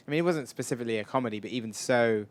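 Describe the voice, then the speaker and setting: A man's voice: mid-range voice, very fast. A man answering audience questions at a live event, chatty and rambling, often self-deprecating. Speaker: filmmaker guest.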